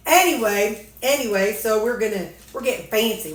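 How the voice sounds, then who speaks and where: A woman's voice: medium pitch, animated, fast, few pauses, echoey room, background noise. A woman with a Missouri accent, chatting and joking casually while eating, talking with her mouth full. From Missouri, USA. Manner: folksy, joking, talks with a mouthful. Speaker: weight-loss vlogger.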